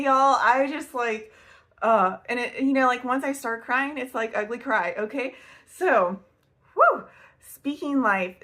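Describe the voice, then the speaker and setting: A woman's voice: a little high, fairly bright tone. A woman, talking casually to camera as a homeschool vlogger, chatty and laughing often. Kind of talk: casual faith-based talk to camera.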